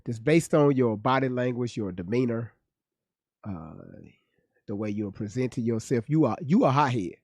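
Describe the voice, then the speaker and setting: A man's voice: medium pitch, animated, normal speed, darkish tone, no room sound, studio quality. A male streamer giving blunt, profane live commentary on a clip, often repeating his words as he thinks aloud. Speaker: streamer reacting to clips.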